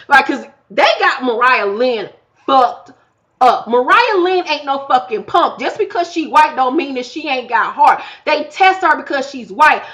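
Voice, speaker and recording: Bright, profane woman recapping reality TV. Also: high-pitched, normal speed. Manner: animated, profane, acts out quotes. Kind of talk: casual episode review. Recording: dull lo-fi home recording.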